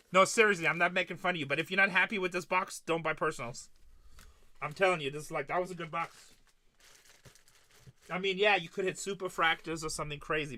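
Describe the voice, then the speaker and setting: Middle-aged guy running a live card break, pretty high voice, bright and a bit forceful, teasing chat nonstop. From Texas. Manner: joking, trash-talking, teasing viewers by name. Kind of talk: live stream casual chat while opening cards.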